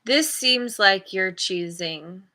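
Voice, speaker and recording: Woman, tarot reader, unhurried delivery, bright tone, thoughtful, pauses to find words. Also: medium pitch, animated. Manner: thoughtful, searching for words while reading cards aloud. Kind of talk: casual intuitive tarot reading.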